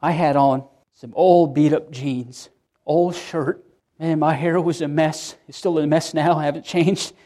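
A man's voice: fairly high pitch, steady tone, unhurried, dark tone. A middle-aged man, a pastor, preaching an earnest sermon in church, repeating himself and restarting phrases as he pleads with his listeners.

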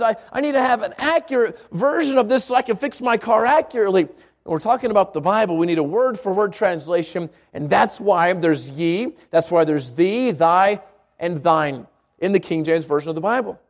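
A preacher with a noticeably high voice leads an informal Bible class in church at a moderate pace. He talks conversationally, stumbling, restarting and repeating words, and keeps checking in with the room by asking "right?".

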